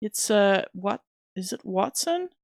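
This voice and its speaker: A woman streams a game. She chats casually and answers her viewers' questions. Her mid-pitched voice has a gravelly, fried edge, and the desk mic sounds close and dry. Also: very animated, takes it slowly, a little mellow, no room sound. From Canada. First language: French. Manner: chatty, answers chat questions as she plays. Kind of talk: casual gameplay commentary.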